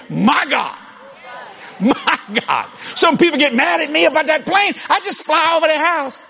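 A preacher delivers a rousing sermon in a strikingly high, husky voice. He shouts his points, boasts with a laugh, and keeps the energy up the whole way through.

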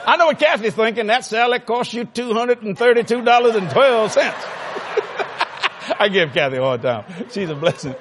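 Animated preacher guy, high voice jumping all over, laughing and hollering through a story. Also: moderate pace, noisy background. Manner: animated, laughing, bursts into shouts. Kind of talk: sermon with storytelling.

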